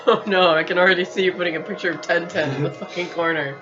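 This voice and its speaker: A man's voice: high voice, fairly even intonation, fast. A man chatting casually while his friend plays, teasing him, swearing and laughing often. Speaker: co-player and commentator. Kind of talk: casual banter. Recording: dull lo-fi audio with game music.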